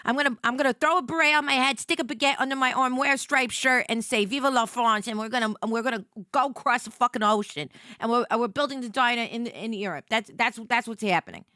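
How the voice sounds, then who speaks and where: A woman's voice: fairly high pitch, fast talker, hardly any pauses, sharp tone, dry recording, studio quality. A woman livestreamer chatting casually with her viewers, playful and rambling, often stammering and repeating herself. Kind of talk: casual stream chat.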